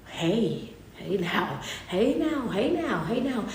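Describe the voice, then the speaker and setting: A woman's voice: medium pitch, big pitch swings, slow pace, darkish tone, roomy sound, a little hiss or hum. A woman preaching a sermon as a motivational speaker, in impassioned call-and-response style with repeated phrases.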